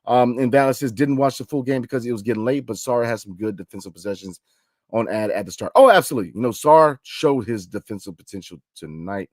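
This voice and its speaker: A man hosting a sports podcast late at night, reading listener comments and talking in an animated casual way, full of slang and repeated fillers. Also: mid-range voice, quick pace, no room sound, clean studio sound. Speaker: podcast host.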